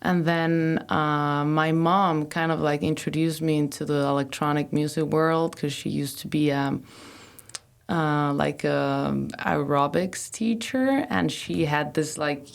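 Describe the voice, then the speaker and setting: A woman DJ and producer from Mexico and Norway, chatting casually in an interview, relaxed and rambling with lots of fillers. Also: sits low, slow pace, vocal fry. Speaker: DJ and producer guest. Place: artist room of a venue.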